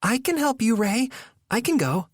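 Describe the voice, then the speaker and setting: A man's voice: very high-pitched, sing-song, moderate pace, no echo, clean studio sound, voice pushed up, exaggerated voice. A male narrator voicing a tense young woman hosting a dinner, clipped and stiffly polite. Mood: pointed.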